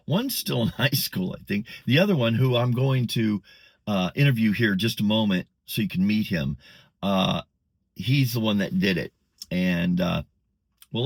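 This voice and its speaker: Chatty older man, low dry voice. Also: creaky, no echo. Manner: chatty, rambling, with many fillers and restarts. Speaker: vlogger. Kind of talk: casual storytelling. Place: parking lot outdoors.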